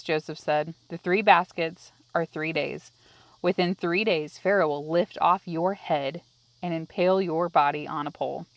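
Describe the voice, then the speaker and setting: Pregnant young woman reading bible verses in a hot car, lowish voice, chatty. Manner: reads scripture aloud, chatty agreement. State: pregnant and overheated. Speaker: ministry co-host. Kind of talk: casual Bible teaching on a road trip. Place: inside a parked car.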